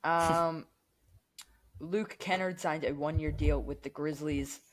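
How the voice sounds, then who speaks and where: A man's voice: a little high, fairly even intonation, slow, poor audio. A man co-hosting a casual sports podcast, running through news items in a laid-back way and chuckling between them. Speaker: podcast co-host.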